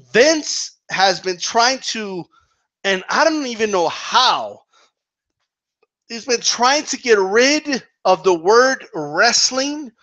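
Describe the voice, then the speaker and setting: A man with a strikingly high voice rants in an exasperated, profane monologue. His tone is bright and pushing, and he keeps tossing out "okay?" and "right?" as he drives each point home. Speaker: wrestling commentary vlogger. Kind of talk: ranting opinion monologue.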